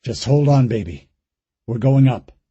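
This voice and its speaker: A man voicing a desperate middle-aged father protecting his daughter, urgent and hushed. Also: fairly high pitch, moderate pace, breathy edge, no echo, highs cut off, voice pushed up.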